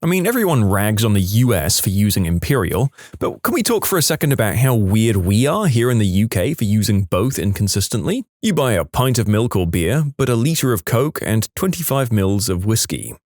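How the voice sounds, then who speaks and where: A man narrating online comments in a scripted reading, with a wry, lively delivery and small laughs. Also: fairly low pitch, moderate pace, hardly any pauses, dry recording, clean studio sound.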